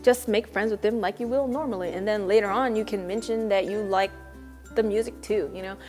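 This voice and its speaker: A woman's voice: medium pitch, fairly even intonation, fairly quick, a little mellow, faint music behind. A young American woman vlogging casually to camera, chatty and slangy, mimicking people she quotes. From United States. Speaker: vlogger living in Korea. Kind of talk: casual vlog talk to camera.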